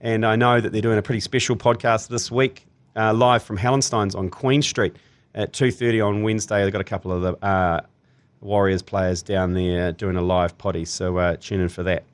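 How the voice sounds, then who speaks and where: A man's voice: on the low side, normal speed. A man with a New Zealand accent hosting a sports podcast, telling jokey stories in casual chat. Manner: animated, laughing, jokey storytelling. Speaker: podcast host.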